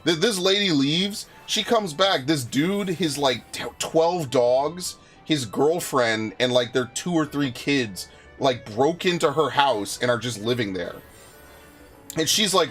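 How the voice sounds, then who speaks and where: A man's voice: on the high side, unhurried, soft background music. A young man streaming a game, telling stories in casual, profane chat with a friend. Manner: animated, profane storytelling.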